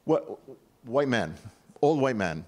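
An older man from upstate New York giving an animated, conversational conference talk, often restarting his sentences. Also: mid-range voice, slow. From upstate New York, USA. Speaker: conference speaker.

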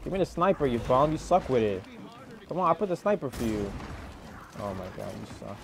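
A young man giving rambling, excitable live commentary over a match, swearing often and filling gaps with "like" and "oh my god.". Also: mid-range voice, fairly quick, vocal fry, noisy background. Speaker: gaming streamer.

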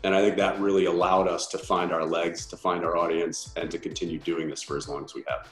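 A man in his forties, an actor, giving a thoughtful, measured interview and reflecting on his series. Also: deep voice, little pitch movement, faint music behind. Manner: thoughtful, measured, imitates others while telling stories. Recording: roomy interview room.

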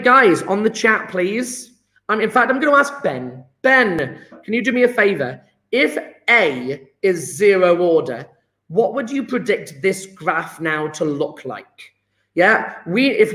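A man's voice: high voice, a bit bright. A man teaching a live online chemistry lesson, chatty and encouraging, quizzing students by name. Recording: echoey room.

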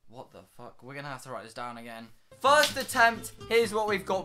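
A young man filming a casual vlog, excitable and swearing freely as he laughs at himself at home. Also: on the high side, fairly quick, hardly any pauses, music in the background. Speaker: YouTuber.

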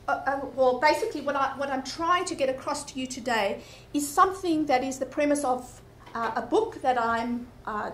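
A woman with a South African accent delivers an earnest talk as a conference speaker in a breakout room, frequently restarting her sentences. Her voice is high-pitched and a bit bright, and the room echoes.

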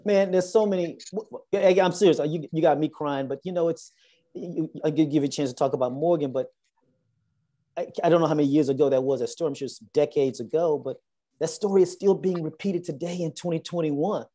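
A man's voice: a little high, fairly quick, warm tone. Effusive male interview host. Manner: emotional, effusive reactions. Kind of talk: interview conversation. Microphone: video call.

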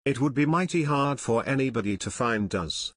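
A man reading the part of an excitable teenage boy in an adventure audiobook, exclaiming and shouting. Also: medium pitch, moderate pace, no room sound, studio quality, close to an everyday voice. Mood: worried.

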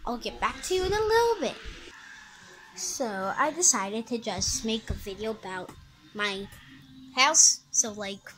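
Woman, casual home vlog, rambling, slow and lilting, loud background noise. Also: fairly high pitch, lively intonation, soft background music, low-quality recording. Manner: rambling and offhand, talks to her pets. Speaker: vlogger. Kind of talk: casual house-tour vlog. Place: at home, indoors.

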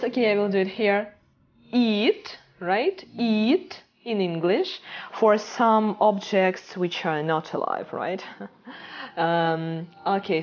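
Woman teaching with lively pitch. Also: muffled recording. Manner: patient, repeats words slowly, asks "right?" often. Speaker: language teacher. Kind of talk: teaching a beginner online class.

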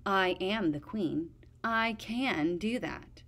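A woman's voice: medium pitch, slow pace, a bit bright. A woman voicing a vain, cruel female dragon queen who talks in a bored, mocking, imperious way.

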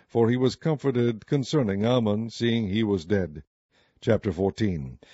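A man reads old scripture aloud at a steady, measured pace. His voice is dark and mellow. The recording is dry and a little muffled. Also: on the low side, dry recording. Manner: steady, measured King James reading. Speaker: audiobook narrator.

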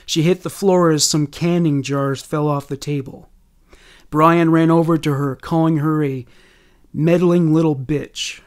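A man narrating a true story in a steady, measured way. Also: fairly high pitch, clear, resonant tone. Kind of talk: scripted narration.

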